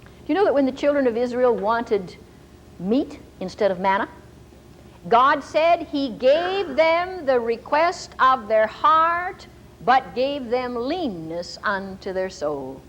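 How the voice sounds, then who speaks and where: A woman Bible teacher giving a storytelling sermon in an animated way and laughing often. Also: a little high, slow, low-quality recording.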